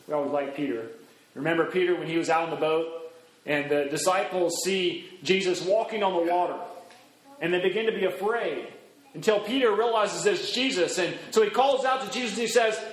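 A middle-aged male pastor delivers an animated sermon in a fairly high voice, throwing his pitch up and down to act out the people he quotes. The sound rings around an echoey room. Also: fairly quick.

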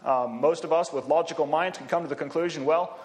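A man's voice: fairly high pitch, fast, a little mellow. A man preaching a sermon in a conversational way, with asides and light chuckles. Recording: long hall reverb.

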